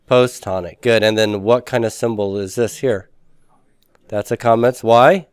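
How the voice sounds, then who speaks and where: A man's voice: medium pitch, measured pace, smooth, no room sound, studio quality. A man teaching a recorded review lesson, patiently asking questions and answering them himself.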